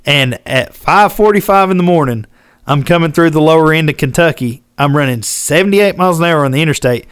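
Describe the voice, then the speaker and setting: A man telling a hunting-trip story in casual podcast chat, animated and drawling, acting out quotes and laughing along. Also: on the high side, a little fast, smooth, no room sound, clean studio sound. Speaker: podcast co-host.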